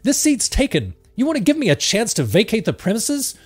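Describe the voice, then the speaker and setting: A man's voice: high-pitched, huge pitch swings, brisk, husky, soft background music, pitched above the performer's own voice, heavily acted. A man voicing a wisecracking young 1920s flapper woman, slangy and brash.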